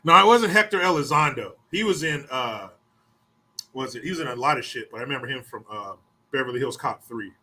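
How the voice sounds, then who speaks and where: A man's voice: medium pitch, lively intonation, sharp tone. A man hosting a podcast, telling a rambling story in a casual, profane way and swearing freely. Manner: rambling, swears often, puts on quick mocking voices. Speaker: podcast host.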